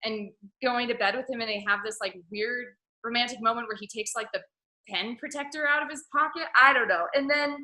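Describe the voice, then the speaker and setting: A woman co-hosting a casual film discussion, talking with passion and acting out characters in loud mock voices. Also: a little high, brisk. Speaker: film podcast co-host. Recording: roomy echo.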